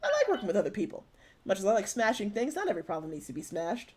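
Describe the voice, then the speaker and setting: A woman's voice: medium pitch, wildly swooping pitch, very fast, background noise. A woman reading aloud as a confident, muscular woman superhero from a dating game, blunt and teasing. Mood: cocky. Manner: brash, teasing, easygoing.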